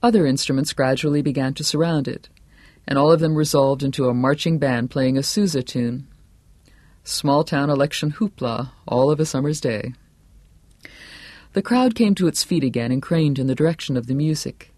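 A man's voice: medium pitch, dry recording. Man reading a novel aloud, dry. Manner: measured, steady storytelling. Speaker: audiobook narrator. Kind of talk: scripted narration.

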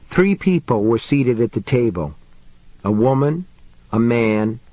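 A male audiobook narrator telling a horror story in a measured, wry way. His voice sits at a middling pitch, neither high nor low, and the recording is dry and close, with no room sound. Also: lively intonation, dark tone, no echo. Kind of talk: scripted narration of a horror novel.

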